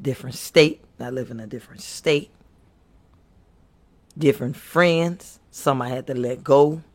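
A man's voice: medium pitch, measured pace. A man preaching to his viewers with impassioned, earnest exhortation, pleading and repeating himself. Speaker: faith speaker.

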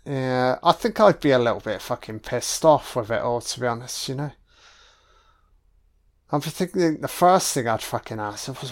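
A man giving a casual, sweary audio commentary on a film, reacting out loud to what he sees. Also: mid-range voice, lively intonation, moderate pace. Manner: sweary, exclaiming reactions at the screen.

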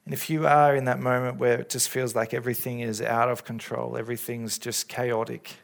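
A man preaching in a church, speaking as a pastor in an earnest, caring way with halting restarts, into a stage microphone. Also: mid-range voice, level tone, gravelly. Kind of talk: sermon. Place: church service. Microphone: handheld or stage microphone.

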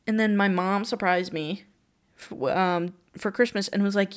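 Teen girl, podcast host, excitable solo chatter with quick gasps and exclamations. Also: medium pitch. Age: teens. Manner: gushing, breathless, exclamations. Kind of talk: casual solo chat.

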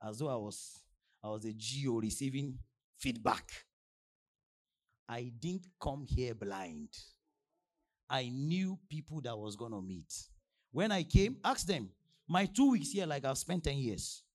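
A young adult man from Nigeria with a Nigerian accent, preaching a sermon with big swings between shouted declarations and quiet asides. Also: medium pitch, very animated, unhurried, pauses often. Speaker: pastor.

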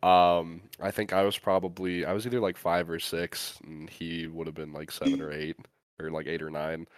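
Young Midwestern man, podcast co-host, meandering and relaxed, low and smooth. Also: moderate pace, no echo. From US Midwest, Great Lakes state. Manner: rambling, filler-heavy, relaxed. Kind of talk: casual chat.

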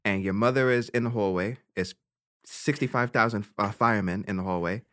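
A lowish, brisk male voice belongs to a young podcast co-host telling a long story in relaxed chat. He curses liberally and laughs his way through it, staying animated the whole time.

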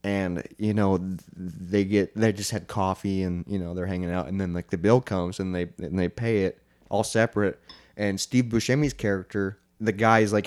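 A young male podcast co-host chats casually and rambles, full of fillers and restarts. His voice sits low with a darkish, level tone and a moderate pace.

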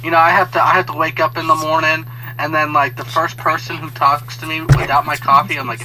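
A man's voice: on the high side, level tone, brisk, music in the background, low-quality recording. A man in a casual chat who tells stories in a rambling, hesitant way, restarting often.

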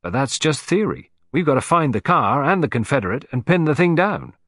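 A man voicing a frustrated police inspector who speaks briskly and insistently. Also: a little high, very animated, a bit bright, no room sound, pitched above the performer's own voice.

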